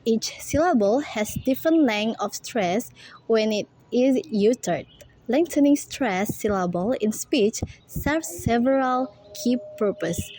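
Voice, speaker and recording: A young woman gives a student presentation, reading each phrase slowly and with care. Her voice sits a little high for a woman, and she takes her time over every word. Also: a little mellow, slight background noise, poor audio. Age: young adult. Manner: slow, careful, deliberate reading. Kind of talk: read-aloud class presentation.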